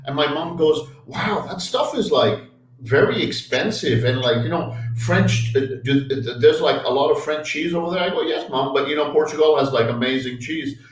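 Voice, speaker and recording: A man's voice: fairly high pitch, fairly quick, hardly any pauses, echoey room, far from the mic, slight background noise, low-quality recording. A man from North America telling stories in casual chat, with lots of fillers, restarts and hesitations. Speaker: regular of an expat chat show.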